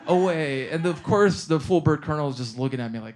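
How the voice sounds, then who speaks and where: Animated high-voiced male stand-up comic. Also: a little fast, few pauses, background noise. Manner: animated, laughs through his own lines, profane. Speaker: stand-up comedian. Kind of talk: stand-up storytelling.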